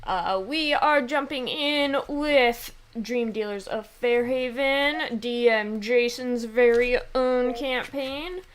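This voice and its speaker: A woman's voice: fairly high pitch, takes it slowly, hardly any pauses, clean tone. A woman hosting a tabletop game stream, upbeat and joking as she opens the show. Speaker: show host. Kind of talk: casual stream intro.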